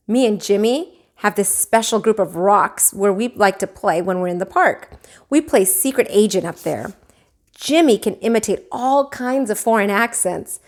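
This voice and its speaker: A woman teacher reading a children's book aloud, with expressive, animated storytelling. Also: a little high.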